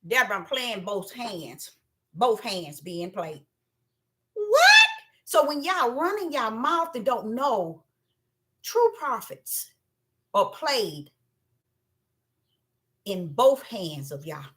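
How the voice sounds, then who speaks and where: A woman preaching an animated sermon, who acts out voices and swings between low murmurs and loud cries. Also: slow pace. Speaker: self-styled prophetess. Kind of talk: preaching monologue.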